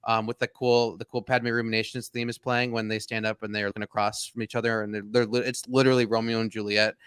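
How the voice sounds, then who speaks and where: Bright, smooth-voiced podcast host man. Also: on the low side, quick pace, no room sound. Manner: rambling, repeats words when excited. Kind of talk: casual chat.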